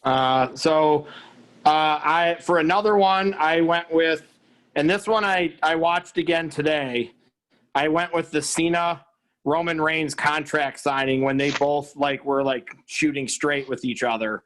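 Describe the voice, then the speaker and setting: A man with a somewhat higher voice, co-hosting a relaxed chat. He rambles loosely and swears offhandedly, with many restarts. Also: unhurried. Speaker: podcast co-host. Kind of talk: casual chat.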